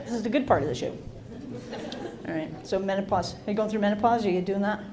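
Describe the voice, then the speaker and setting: A woman's voice: mid-range voice, fast talker. A middle-aged woman doing stand-up comedy and working the crowd, brash and self-mocking, often laughing. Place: comedy club stage. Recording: live club with loud crowd. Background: audience laughter and chatter.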